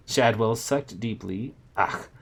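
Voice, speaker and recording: Relaxed male reader with a low voice. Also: measured pace, creaky. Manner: relaxed, amused asides between passages. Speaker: story reader and streamer. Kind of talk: casual streamed book reading.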